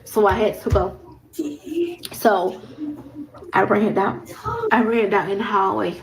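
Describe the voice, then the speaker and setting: Gravelly-voiced woman telling a story. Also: medium pitch, fairly even intonation, slow pace. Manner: rambling, repeats herself, casual slang. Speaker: vlogger. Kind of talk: casual storytime. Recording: noisy background hiss.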